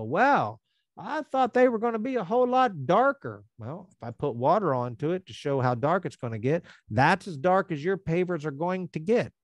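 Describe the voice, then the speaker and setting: A man gives a casual live training to contractors, steady and mid-pitched. He often slips into quick impressions of customers. The sound is dry and close. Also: dry recording. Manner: conversational, acts out customer quotes.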